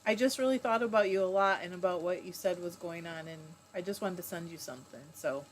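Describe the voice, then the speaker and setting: A woman's voice: on the low side, fast, slight background noise. A woman hosting a live stream in a casual, chatty way, reading viewer comments aloud, laughing often and breaking off mid-word. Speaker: livestream host.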